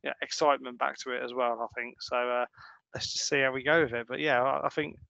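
A man's voice: mid-range voice, flat delivery, fast, vocal fry, bright, forceful tone, smooth, dry recording. A man chatting as a podcast co-host, upbeat and enthusiastic. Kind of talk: casual chat. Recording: dull lo-fi sound.

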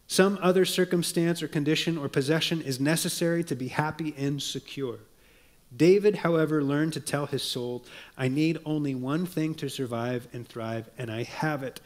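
Preaching with earnest, measured delivery, this male pastor reads quotations aloud and lowers his voice to a soft, low register when driving a point home.

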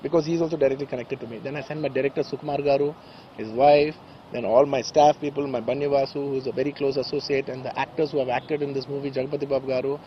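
A fast-talking man with a medium-pitched, steady voice gives an emotional press conference statement. He's earnest and repeats phrases insistently, recorded with dull audio and slight background noise.

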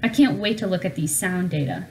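A woman reading aloud as a woman scientist with a warm, high voice, explaining her work. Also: brisk, recorded from a distance, slight background noise, close to an everyday voice, low-quality recording.

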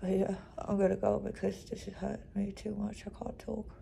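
A woman vlogging to her phone camera in a hospital room, talking expressively and often dropping to a hushed whisper. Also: medium pitch, monotone, a little fast, vocal fry, a little hiss or hum, poor audio. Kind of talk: casual vlog talk to camera. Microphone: phone camera propped nearby.

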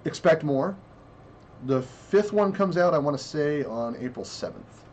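A man's voice: a little high, lively intonation, a little slow, a little mellow, a little hiss or hum. Blunt rambling man on a podcast. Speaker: podcast co-host. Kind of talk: casual podcast discussion.

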